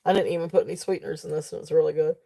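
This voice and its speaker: A woman's voice: sits low, steady tone, racing, gravelly, dark tone. A woman hosting a live jewelry sale stream, chatting casually in a rambling way with frequent laughter. She sounds sleepy and keeps yawning.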